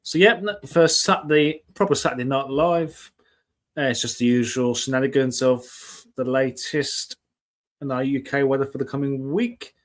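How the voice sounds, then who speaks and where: A man hosting a casual live weather chat show, talking in a chatty, rambling way and often correcting himself mid-sentence. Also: medium pitch.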